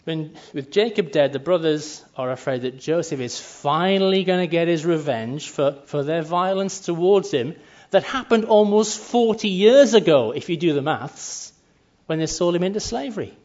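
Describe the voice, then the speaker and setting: A man's voice: on the high side, expressive, moderate pace, darkish tone. A man preaching a sermon in a conversational way, sometimes acting out quoted lines. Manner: conversational, acts out brief quoted asides. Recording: muffled lo-fi sound.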